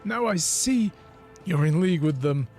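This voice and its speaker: A man voicing a panicking madman who hears screams, in a frantic, shrill voice. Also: animated, normal speed, a little mellow, soft background music, lightly acted.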